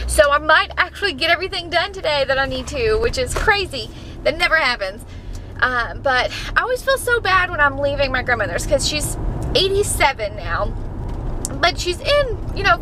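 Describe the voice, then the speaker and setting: A young woman with a high voice chats to her phone camera as she goes about her day, rambling freely with lots of fillers. Car and road noise sit clearly behind her voice, recorded on a phone. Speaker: family vlogger. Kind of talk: casual vlog chat. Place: in a car and around town.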